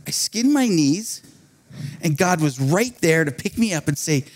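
Animated, higher-voiced male preacher. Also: unhurried. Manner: animated, laughs between phrases, restarts. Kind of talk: sermon with storytelling.

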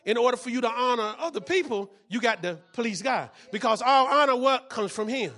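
High-voiced preaching pastor, man. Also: expressive, a little fast. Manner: preaches with bursts of shouting and repeated phrases; calls to the congregation for responses. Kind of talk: sermon.

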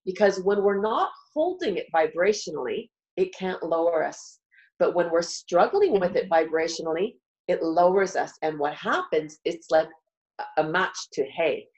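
Middle-aged woman, live-show guest, coaching warmly step by step, slightly low voice. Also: animated, normal speed, dull audio. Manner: earnest coaching, walks listener through steps. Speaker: guest speaker. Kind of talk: live talk show teaching.

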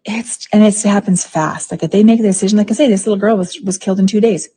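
A woman's voice: mid-range voice, quick pace, warm tone, husky. A woman in heated casual chat, indignant, retelling a story in a rush. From Canada. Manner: indignant, retells stories breathlessly.

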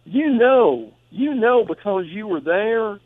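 A man's voice: high voice, lively intonation, takes it slowly, no echo. A man calling in as a college football analyst on a sports radio show, talking emphatically with frequent stammers and restarts. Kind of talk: phoned-in sports radio talk. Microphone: phone. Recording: tinny phone line.

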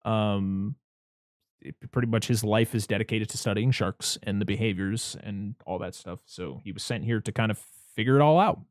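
A man's voice: on the low side, moderate pace, no room sound, studio quality. A man casually recapping a film on a podcast, rambling and stopping himself, laughing often and acting out quotes. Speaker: podcast co-host.

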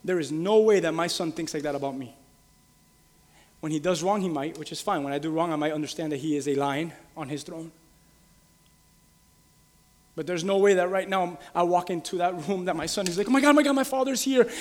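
A man preaching a sermon with passion, asking his congregation direct questions and building to loud, emphatic peaks. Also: a little high, fairly even intonation, brisk, long pauses, long reverb tail. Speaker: pastor.

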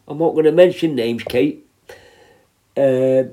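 A man's voice: a little high, normal speed, long pauses, mellow. A man in his fifties, a prison healthcare worker, tells stories in a rambling, sweary, casual way. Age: 50s. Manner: rambling and sweary, with many restarts. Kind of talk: casual storytelling.

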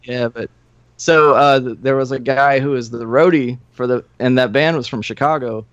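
A man's voice: mid-range voice, fairly even intonation, moderate pace, fairly bright tone, no echo. Man telling profane stories, chuckling, lo-fi. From Nashville, USA. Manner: profane, rambling, chuckles often. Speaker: podcast guest, former punk musician. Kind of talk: casual storytelling. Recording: dull, lo-fi, dry.

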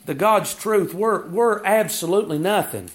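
A man's voice: sits high, expressive, normal speed. A man preaching a sermon, asking rhetorical questions and reading scripture.

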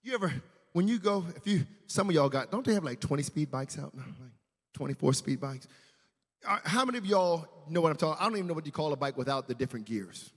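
A man's voice: fairly high pitch, expressive, fast talker, slightly rough. A man preaching a sermon as pastor, speaking straight to the congregation and building to fervent declarations. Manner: preaching with rising fervor, addressing the congregation directly. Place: church sanctuary. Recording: long reverb of a large church hall.

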